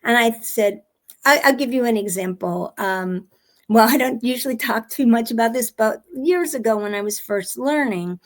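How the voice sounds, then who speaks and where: A woman's voice: a little high, normal speed. A woman handwriting expert chatting as an interview guest, telling stories animatedly with frequent restarts. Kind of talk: casual interview chat.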